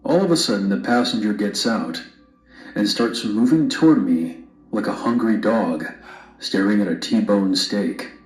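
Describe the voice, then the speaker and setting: Low-voiced man narrating a story. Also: measured pace, a little mellow, faint music behind. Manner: blunt, wry storytelling. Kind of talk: first-person story narration. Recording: roomy narration played back.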